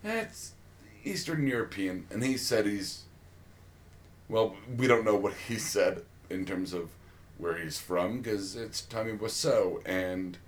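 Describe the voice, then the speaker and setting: A man's voice: lowish voice, slow. A man co-hosting a podcast, chatting casually and rambling with many fillers and restarts. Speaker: podcast co-host. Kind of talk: casual chat.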